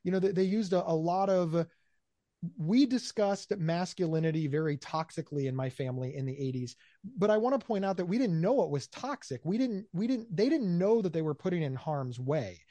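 A man answering interview questions in an animated way, often repeating his words as he talks. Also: sits high, brisk, dry recording. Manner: animated, acts out quoted voices, repeats words. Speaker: guest, mental health speaker.

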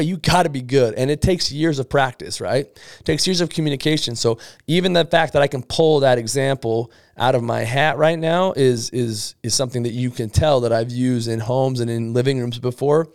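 A man coaching salespeople in an upbeat, slangy way, with a gravelly edge to his mid-pitched voice. The recording is close and dry, with no room sound. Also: normal speed, no echo. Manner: energetic, slangy, acts out sales banter. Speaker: sales trainer.

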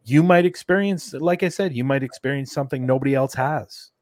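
A Canadian man talks as a guest in a relaxed round-table chat. His voice sits at an average male pitch and sounds dry and close, with no room around it. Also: fairly quick, no echo. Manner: easygoing, agreeable. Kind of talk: casual discussion.

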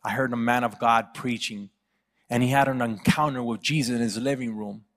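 Male pastor, story-driven sermon, mid pitch, long church reverb. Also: fairly even intonation, fairly quick, fairly bright tone. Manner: storytelling, acting out quoted voices.

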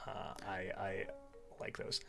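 A man's voice: slow pace, faint music behind. Rambling casual male game master. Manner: relaxed, rambling, lots of uh and like. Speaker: podcast co-host and game master. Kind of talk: casual chat.

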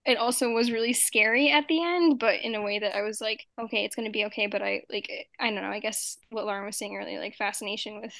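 A young woman chatting casually, retelling a story with lively energy. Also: fast, creaky, hardly any pauses, dry recording. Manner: animated storyteller, acts out quoted lines in high voices. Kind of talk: casual chat.

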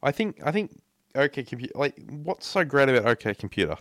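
A man's voice: mid-range voice, big pitch swings, a little fast, a bit bright, dry recording. A young man co-hosting a casual podcast, often repeating his words as he starts sentences. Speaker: podcast co-host.

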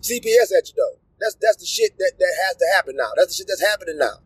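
A middle-aged man in a casual, animated, profane rant, speaking to his audience and breaking into loud outbursts. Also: sits high, fast talker, slightly rough, no echo, poor audio. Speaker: commentator.

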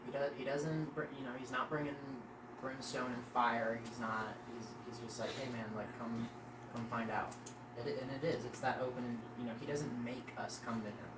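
A man in a Bible study group chatting casually in a relaxed, slangy way, often restarting his sentences. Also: mid-range voice, moderate pace. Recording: distant, echoey, loud background noise.

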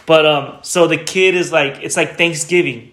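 Male podcast co-host, slightly high voice, swearing, animated casual storyteller. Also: normal speed, reverberant.

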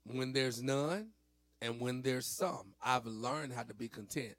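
A man talks through a casual faith chat in a playful, animated way, joking and slipping into a preacher's cadence. His voice sits at an ordinary middle pitch. The sound is dry and close, with no room around it. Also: measured pace, dry recording. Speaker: host.

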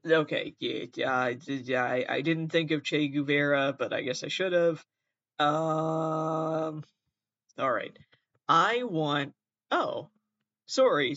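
A man's voice: on the high side, slow pace, a bit bright, no echo, muffled recording. A man with a Midwestern accent hosting his own podcast, reading aloud in a casual comedic way and often breaking into giggles and apologies. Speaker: podcast host.

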